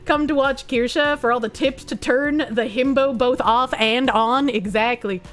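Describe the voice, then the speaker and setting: A woman streamer with a high voice chats casually with her viewers. She laughs often and swears freely as she tells stories, and faint music plays underneath. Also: measured pace. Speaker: livestreamer. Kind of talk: casual chat.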